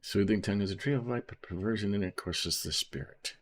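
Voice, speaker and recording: In a brisk, lowish voice, a man reads scripture and offers casual explanations, frequently tossing in "right?" and "okay?". The talk is informal commentary for Bible study.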